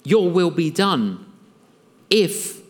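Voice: medium pitch, very slow. A preacher, telling a story from the pulpit and acting out the dialogue with laughter. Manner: animated, acts out dialogue with laughter. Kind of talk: storytelling sermon. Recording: long reverb of a large hall.

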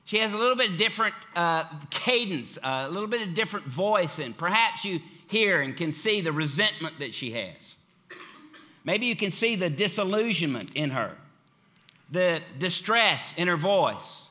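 A man's voice: on the high side, animated, normal speed, bright, forceful tone. A man preaching a sermon with an emphatic, repetitive cadence.

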